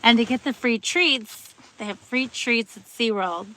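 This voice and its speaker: A woman's voice: fairly high pitch, unhurried, sharp tone, slight background noise. A middle-aged woman hosting a late-night live stream from home, chatting and rambling casually with viewers and greeting them by name. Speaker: livestream host.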